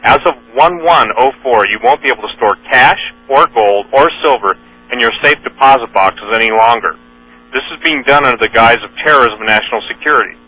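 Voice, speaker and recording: A man's voice: mid-range voice, a little fast, bright, forceful tone, low-quality recording. A man hosting a radio talk show, reading news items and quotes aloud in an earnest manner, often correcting himself mid-sentence. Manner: earnest, with frequent fillers and self-corrections.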